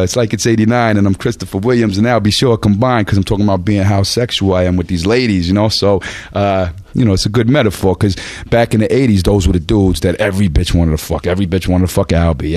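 A low-voiced man recorded with a dry, close sound. He tells rambling, profane stories as an interview guest and laughs through them. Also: darkish tone, no room sound. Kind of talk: casual storytelling in an interview.

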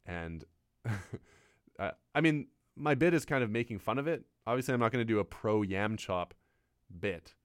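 Guy rambling on a radio show, pitch jumping all over, pokes fun at himself, dry close studio sound. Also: normal speed, clean tone, no room sound. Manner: rambling, self-mocking, animated. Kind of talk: casual riffing monologue.

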